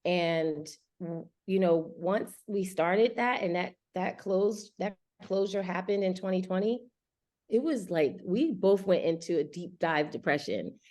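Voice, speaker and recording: A woman's voice: lowish voice, animated, unhurried, a little mellow. A woman, a restaurant owner speaking candidly and from the heart as an interview guest. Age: 40s. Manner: candid and heartfelt, with casual slang. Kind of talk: conversational interview.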